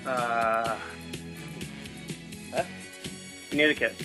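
Slow sleepy Kiwi caller. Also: male voice, mid-range voice, steady tone, over music. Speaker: radio quiz caller.

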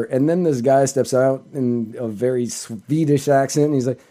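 A man's voice: medium pitch, steady tone, normal speed, hardly any pauses, dark tone. A man on a casual podcast, telling long rambling stories and cutting himself off with asides. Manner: rambling, self-interrupting anecdotes. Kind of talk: casual storytelling chat.

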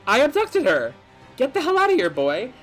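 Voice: medium pitch, expressive, fairly quick, a bit bright, soft background music, natural voice. A speaker playing a bossy, corrupt male judge who talks in a dismissive way. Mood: indignant.

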